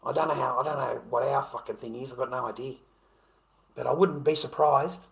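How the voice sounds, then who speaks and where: A man's voice: medium pitch, fairly even intonation, fairly quick, gravelly, poor audio. A middle-aged Australian man chatting on a live stream, blunt and profane, often stammering and restarting his sentences. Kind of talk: casual live-stream chat.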